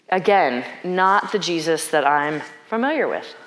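A woman's voice: fairly low pitch, expressive, a little slow, few pauses, a bit bright, echoey room. A woman preaching a sermon in a reflective, conversational way, thinking aloud and asking questions.

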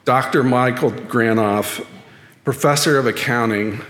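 Speaking in a measured, dryly self-deprecating manner, a man lay-preaching at church offers a sermon-style talk. His voice is mid-pitched with a fairly bright tone, ringing out in a big, echoey hall with lingering reverb.

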